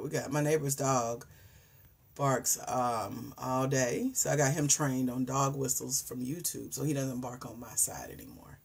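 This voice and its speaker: Woman, forties, husky, livestream host, animated chatter with hushed asides. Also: rumbling low. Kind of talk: casual livestream chat.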